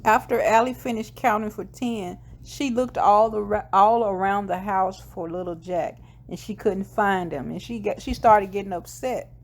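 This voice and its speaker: A woman with a voice of ordinary middle pitch recaps a TV episode in a loose, chatty way. She walks through scene after scene, passing on the characters' lines in her own plain voice. Now and then she drops a filler or corrects herself as she goes. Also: moderate pace, few pauses. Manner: retells scenes step by step, quoting dialogue in plain voice; occasional fillers and self-corrections. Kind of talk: casual plot recap.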